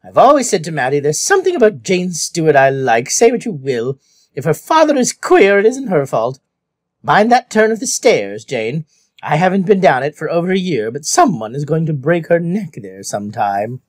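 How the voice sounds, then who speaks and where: A man's voice: a little high, sing-song, moderate pace, no echo, clean studio sound. A man reading aloud and voicing a fretful, gossipy old woman who complains in an aggrieved whine.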